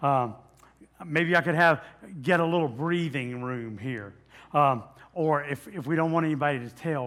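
A man's voice: fairly high pitch, moderate pace, fairly bright tone. A man preaching a sermon as pastor, in a conversational way with many fillers and restarts, asking the audience questions.

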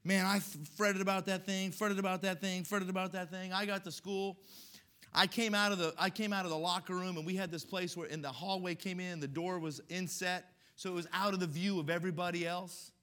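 A middle-aged male pastor preaching a sermon, telling stories in an animated way with emphatic swells. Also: high-pitched, brisk.

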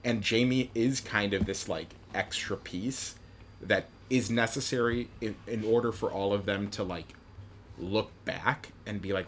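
A man's voice: fairly low pitch, a little slow, fairly bright tone, slight background noise. A young man in casual chat about a film, rambling with many fillers and acting out quotes. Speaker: podcast co-host discussing a film.

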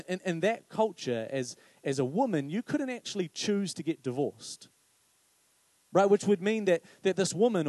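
Animated man preaching a sermon. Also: on the high side, dry recording. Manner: conversational, animated, acts out quoted voices with many "right?" asides. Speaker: pastor.

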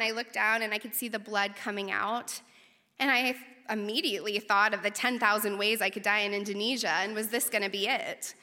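A young woman telling a personal story to an audience, lively, her voice leaping up when recounting panic. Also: a little high. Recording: reverberant hall.

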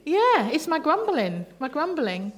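A woman whose voice sits high and sounds very animated speaks a little slowly. As a bible study leader at a church service, she leads a family sermon full of playful laughter and questions for the congregation.

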